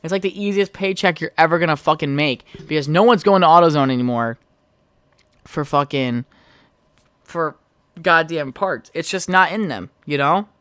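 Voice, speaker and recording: A man's voice: a little high, moderate pace, a bit bright, smooth, dry recording. A young man hosting his own podcast, telling a heated, profane story in a casual rant. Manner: profane, heated storytelling, trails off while texting. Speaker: podcast host.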